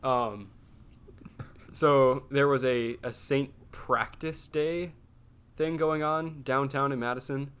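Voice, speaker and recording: A man's voice: medium pitch, fairly even intonation, slow pace, fairly bright tone, smooth. A man co-hosting a podcast, telling a rambling, profane story in a loose, casual way. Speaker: podcast co-host.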